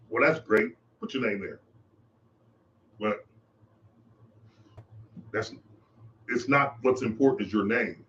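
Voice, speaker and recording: A man's voice: on the low side, takes it slowly, pauses often, a bit bright, muffled recording. A man hosting his own podcast, giving an impassioned, preachy monologue and repeating his phrases for emphasis. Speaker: podcast host. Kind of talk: monologue commentary.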